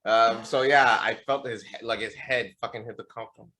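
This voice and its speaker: A man's voice: mid-range voice, steady tone, moderate pace, sharp tone, a little hiss or hum. A young man co-hosting a podcast, telling a party story in a laid-back, slangy way, full of fillers and swearing. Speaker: podcast co-host. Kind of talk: casual storytelling chat.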